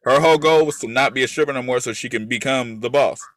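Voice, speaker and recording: Bright-voiced man, chatty show talk. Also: mid-range voice, fast. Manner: animated, acts out characters' lines; swears freely. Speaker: podcast co-host. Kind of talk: casual chat about a TV episode.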